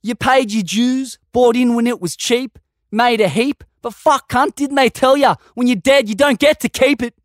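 An Australian man delivering a heated, loud rhyming rant with scorn. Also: very high voice, moderate pace, no room sound, studio quality. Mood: furious.

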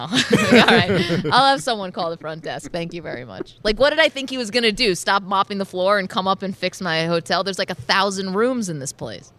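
A woman's voice: on the low side, moderate pace, fairly bright tone. A sleep-deprived woman co-hosting a sports radio show, telling a story with frequent laughter in casual banter. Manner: laughing, storytelling, self-deprecating. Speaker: radio co-host.

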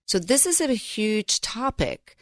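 A woman's voice: fairly high pitch, very animated, slow pace, no echo. A woman who works as a financial advisor, telling stories earnestly on a radio show. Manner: earnest, storytelling, addresses co-host by name. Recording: dry studio sound.

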